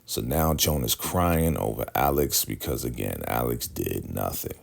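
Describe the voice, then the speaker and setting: A man's voice: rumbling low, unhurried, gravelly. A man giving a casual, slangy recap of a TV episode, acting out the lines as he goes. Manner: animated, slangy, acts out the lines. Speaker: TV recap creator.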